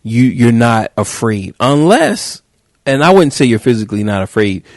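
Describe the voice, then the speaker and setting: A man hosting a podcast, riffing in a joking, slangy, animated way. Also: medium pitch, normal speed, dry recording, clean studio sound. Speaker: podcast host. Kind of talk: casual podcast chat.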